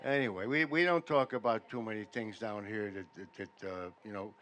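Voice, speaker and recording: A man doing a stand-up comedy set in a veterans' hall, telling deadpan stories that build louder toward each punchline. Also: lowish voice, brisk, a little hiss or hum. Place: veterans' hall function room.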